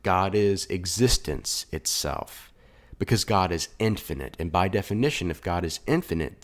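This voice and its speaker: A man speaking as a spiritual coach in a reflective monologue, earnest and thoughtful, often restarting his phrases, at a desk microphone indoors. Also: low-pitched.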